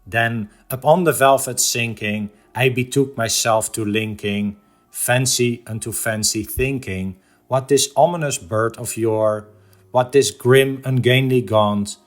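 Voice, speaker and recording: A man lecturing on a poem, reciting its verses in a measured, deliberate dramatic reading and explaining them in a teacherly way. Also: on the low side, steady tone. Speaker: art lecturer.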